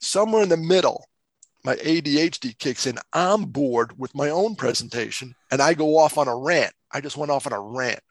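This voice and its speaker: A man telling stories on a podcast as guest, animated and acting out quotes in other voices. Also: a little high, normal speed, no echo. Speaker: guest speaker. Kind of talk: casual storytelling.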